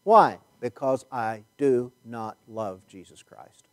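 A man preaching a sermon, reading Bible verses and stretching key words slowly for emphasis. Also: mid-range voice, lively intonation.

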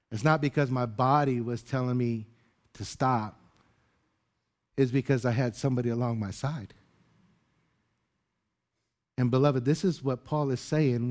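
A man preaches to his congregation in a relaxed, storytelling manner, calling them beloved. His voice sits at an ordinary middle pitch, and he talks informally, like he is chatting. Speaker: pastor. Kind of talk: conversational sermon with a personal story.

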